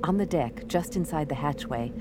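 A woman narrating an adventure audiobook in a steady, measured reading. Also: deep voice. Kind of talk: scripted narration. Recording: noisy recording.

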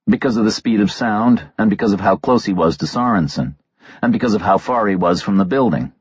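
A man narrating a thriller audiobook in a measured, terse delivery on a slightly dull recording. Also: fairly low pitch, slightly rough, dry recording.

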